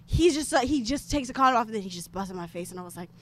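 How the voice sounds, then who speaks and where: A young American woman telling a story in casual, animated chat, with lots of filler words and sudden loud outbursts. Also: on the high side, racing. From United States. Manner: animated, chatty, filler-heavy, bursts into shouting.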